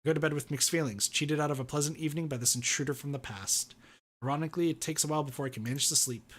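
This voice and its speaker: A man streaming, reading a visual novel aloud in steady first-person narration. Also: fairly high pitch, rapid-fire, husky.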